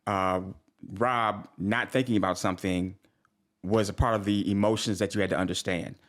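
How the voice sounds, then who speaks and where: A man's voice: fairly low pitch, fairly even intonation, moderate pace, a bit bright. A man hosting the conversation, pressing his guests with probing follow-up questions. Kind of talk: interview questions.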